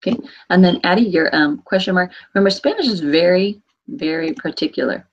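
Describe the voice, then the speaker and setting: A woman's voice: on the low side, animated, a little fast. Woman teaching Spanish over a muffled call. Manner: patient, corrects students by name. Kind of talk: online class teaching. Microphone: computer mic on a video call.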